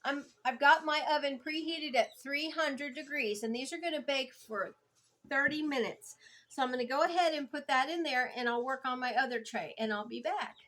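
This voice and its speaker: A woman with a drawl chats her way through a recipe in her home kitchen. Her voice sits a little on the high side, and she keeps the talk homey and easygoing, even while she eats. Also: moderate pace, background noise. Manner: homey and chatty, talks while chewing. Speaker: homestead cooking vlogger. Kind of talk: casual cooking chat.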